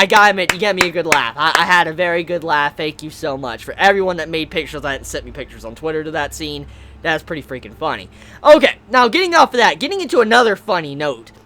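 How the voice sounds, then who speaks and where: A woman giving a casual, animated anime episode review, swearing freely and breaking into loud outbursts. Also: medium pitch.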